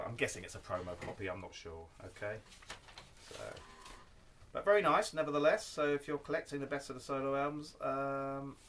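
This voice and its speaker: Low-voiced man rambling through his records. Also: fairly bright tone, a little hiss or hum. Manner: rambling, tags lines with "okay?"; wry, self-deprecating asides. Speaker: record collector. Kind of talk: casual show-and-tell vlog.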